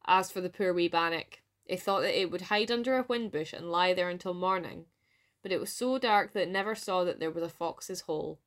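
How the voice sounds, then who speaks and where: A woman with a Scottish accent narrating a folk tale aloud in a lively storytelling manner. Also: fairly low pitch, a little fast. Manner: lively read-aloud with voiced dialogue.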